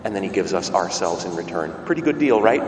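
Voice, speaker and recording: Priest preaching in an echoey church. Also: male voice, sits low, lively intonation, quick pace, creaky, a little hiss or hum. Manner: conversational, asks the congregation frequent rhetorical questions. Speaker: Catholic priest. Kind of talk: homily during Mass. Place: large church. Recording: echoey church hall from far off, faint ambience.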